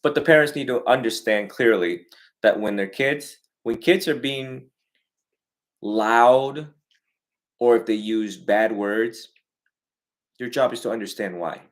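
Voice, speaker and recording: A man gives a family counseling talk at a middle pitch. His delivery is animated, swinging between loud bursts and quiet asides. He acts out parents and kids as he goes. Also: measured pace, pauses often. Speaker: Buddhist monk counseling a family.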